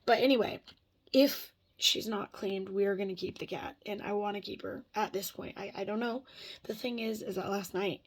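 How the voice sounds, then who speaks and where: A woman's voice: medium pitch, moderate pace. A woman vlogging in casual chat, rambling and swearing a lot, with "dude" and "like" in nearly every sentence.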